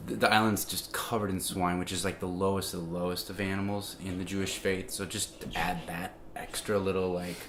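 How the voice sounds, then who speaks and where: A man giving an informal, conversational sermon, full of restarts and fillers, growing animated as he tells the story. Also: low voice, brisk, hardly any pauses, slight background noise. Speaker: preacher.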